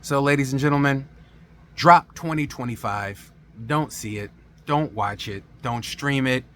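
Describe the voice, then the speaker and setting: A man delivering a movie review in a sarcastic, emphatic rant. His voice sits at an ordinary middle pitch, and he talks straight to his viewers in a casual vlog style. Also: measured pace, bright, forceful tone, slight background noise.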